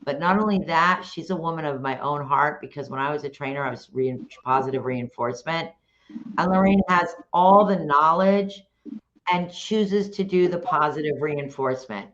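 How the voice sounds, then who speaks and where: A talkative woman hosting a casual chat, a former dog trainer who calls herself a loudmouth, rambling in an animated way. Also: low voice, normal speed. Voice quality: loud, talkative. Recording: dull lo-fi sound, faint noise.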